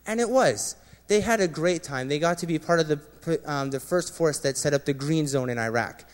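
A man, a former Marine, sharing an earnest personal testimony with a gathering, often dropping quiet and low at painful moments. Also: normal speed. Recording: long reverb of a large hall.

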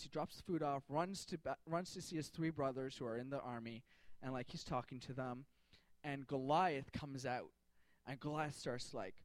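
A man's voice: medium pitch, no echo. A man in a casual, jokey storytelling sermon, talking to a group with slang and fillers.

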